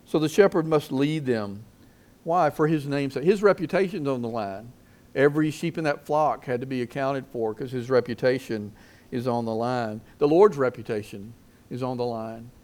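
A middle-aged male pastor preaching a sermon, asking the congregation questions and swinging his loudness for emphasis. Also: mid-range voice, moderate pace. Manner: preaching with call-and-response questions.

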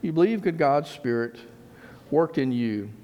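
A man's voice: a little high, animated, warm tone. Man preaching an emphatic sermon. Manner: emphatic preaching with repeated phrases and slowed stresses. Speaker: pastor.

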